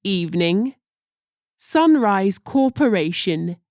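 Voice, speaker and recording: Woman teacher reading phrases super slow, mellow dark voice, dry sound. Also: mid-range voice, animated, no room sound. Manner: slow and deliberate, careful pronunciation. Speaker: language teacher.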